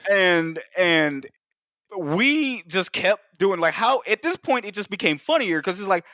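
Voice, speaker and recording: A male podcast co-host in loose, casual chat, swearing constantly and slipping into other people's voices as he tells a story. His voice sits high and bright, with pitch that swings widely. The sound is close and dry, with no room echo. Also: a little slow. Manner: profane, animated storytelling with acted-out quotes.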